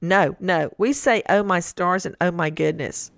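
On an animated true-crime podcast, a middle-aged woman co-host tells stories and quotes her kids, breaking into incredulous outbursts. Her voice sits fairly low with some vocal fry, and she speaks unhurriedly. The recording is dry.

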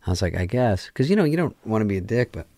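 A middle-aged male guest with a fairly low voice talks fast while telling a story in a casual chat, cursing freely and voicing every character's lines himself. The sound is clean studio audio with no room ambience.

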